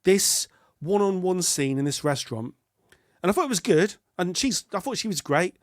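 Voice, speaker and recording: A man's voice: high-pitched, expressive, normal speed, dry recording, clean studio sound. A British man co-hosting a podcast, chatting casually about a film in a rambling, self-interrupting way. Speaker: podcast co-host.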